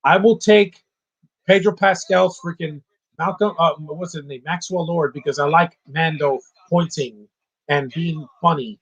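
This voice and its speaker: Opinionated man with a husky voice. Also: fairly high pitch, a little slow, fairly bright tone, muffled recording. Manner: opinionated, ranting. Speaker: film commentator. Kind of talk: casual live movie commentary.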